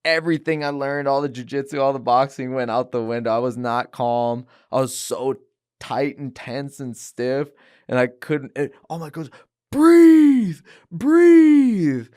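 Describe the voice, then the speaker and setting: A young man on a podcast who tells his story in a casual, animated way and acts out the voices of the people in it. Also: medium pitch, moderate pace, smooth. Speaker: guest, fighter. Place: podcast studio.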